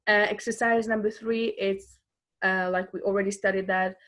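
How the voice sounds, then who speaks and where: A woman with a medium-pitched, fairly bright voice and flat delivery records an online English lesson. She takes her time explaining, patiently repeating each example, and fills her speech with frequent fillers.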